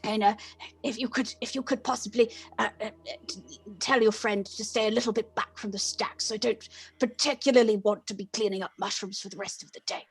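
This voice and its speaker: A woman's voice: medium pitch, steady tone, fairly quick, slightly rough, soft background music. A woman voicing a polite, fussy older male librarian with poor eyesight who stammers and hesitates.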